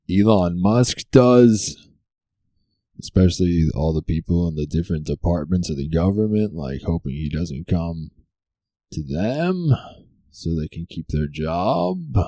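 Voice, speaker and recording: A man with a low, dark voice riffs through a sarcastic comedy monologue as the show's host. He leans on rhetorical questions and unhurried timing. The sound is dry and close. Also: no room sound. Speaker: comedy talk show host. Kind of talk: stand-up style topical monologue.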